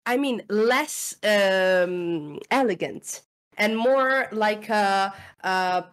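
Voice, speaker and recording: A woman's voice: mid-range voice, very slow, smooth. A woman with an Italian accent, a voice actor guest who talks casually and searches for her words. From Italy. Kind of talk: casual podcast chat.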